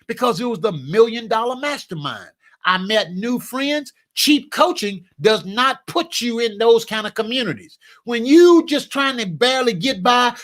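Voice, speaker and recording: A man's voice: high-pitched, a bit bright. A man giving a motivational coaching talk with an emphatic, repetitive, preacher-like cadence, talking now and then to a helper in the room. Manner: talks to a live helper during the talk. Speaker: business coach.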